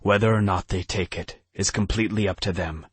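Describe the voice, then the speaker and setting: A man's voice: deep voice, fairly even intonation, fairly quick, breathy edge, no echo. A male narrator voicing a sardonic young vampire with a dry, blunt way of talking. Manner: dry, sarcastic.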